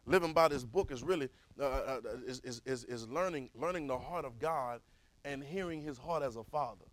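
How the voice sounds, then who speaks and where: A man, teaching a Bible class in a preaching style, calling for responses and swinging from soft to loud. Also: mid-range voice, moderate pace, rough recording.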